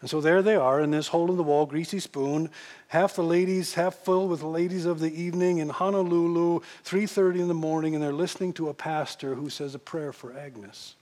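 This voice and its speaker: A man telling a story in a sermon, animated and often repeating words. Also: fairly high pitch, fairly quick, in a large hall.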